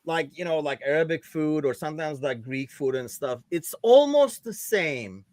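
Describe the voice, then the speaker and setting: A man's voice: fairly high pitch, expressive, normal speed, darkish tone, no echo. A man co-hosting a podcast, ranting about pet peeves with lots of filler words. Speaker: podcast co-host. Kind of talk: casual chat.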